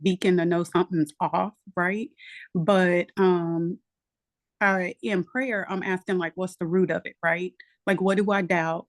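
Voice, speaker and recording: A middle-aged woman with a fairly low voice shares a family story in a casual faith discussion. She talks reflectively, pausing on frequent fillers. The sound is dry and close. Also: dry recording. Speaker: mother sharing in Bible study.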